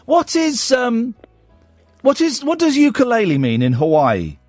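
A man hosts a late-night radio phone-in in a high, animated voice that swoops up and down. He jokes and rambles playfully with a caller. The studio sound is dry, with faint music underneath. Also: measured pace, dry recording. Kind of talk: late-night call-in chat. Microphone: studio microphone.

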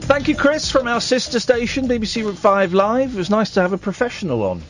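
High, lively radio host. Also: male voice, fairly quick, over loud music. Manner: jokey, mock-outraged, rambling with restarts. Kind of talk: late-night phone-in chat. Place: radio studio. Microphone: studio microphone.

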